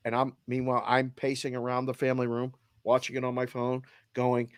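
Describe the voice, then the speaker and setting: Boston dude, middle-aged, telling a story all animated, does the voices, dry mic. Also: male voice, mid-range voice, a little fast, hardly any pauses, smooth, no echo. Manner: emotional, animated retelling with quoted voices. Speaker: sports betting show host. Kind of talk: casual storytelling.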